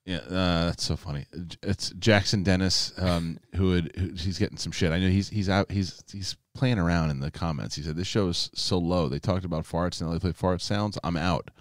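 A man's voice: sits low, normal speed, hardly any pauses, no echo, clean studio sound. A man co-hosting a live stream, chatting casually and rambling with many restarts and laughs. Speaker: co-host.

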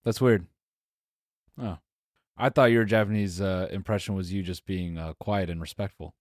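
A young man co-hosting a podcast, teasing deadpan and laughing often in casual banter. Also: deep voice, normal speed, dry recording, clean studio sound. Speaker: podcast co-host.

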